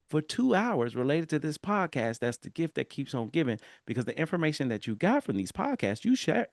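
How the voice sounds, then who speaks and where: A man voicing his own future self as a calm, encouraging male mentor who coaxes him with playful questions. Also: vocal fry, dry recording, clean studio sound, exaggerated voice. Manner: coaxing, playful, high-pitched questioning.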